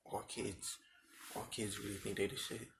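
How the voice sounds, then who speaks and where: Gravelly low-voiced young man. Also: little pitch movement, moderate pace, noisy background. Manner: rambling, profane, repeats himself. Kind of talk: casual storytelling.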